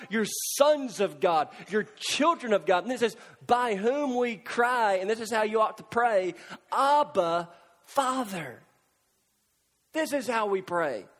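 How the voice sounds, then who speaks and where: Impassioned preacher man, high voice, big hall. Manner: impassioned, swings from loud pleading cries to hushed near-whispers. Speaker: pastor. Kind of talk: sermon.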